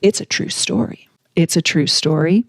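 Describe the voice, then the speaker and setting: A woman's voice: sits low, expressive, normal speed, no room sound, clean studio sound. A woman voicing her friend in a quoted story, an earnest and insistent woman.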